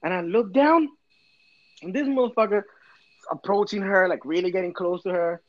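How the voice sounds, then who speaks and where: A man in his thirties telling a story in casual chat, swearing a lot and talking with animated energy. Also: high voice, normal speed, no echo, muffled recording. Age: 30s.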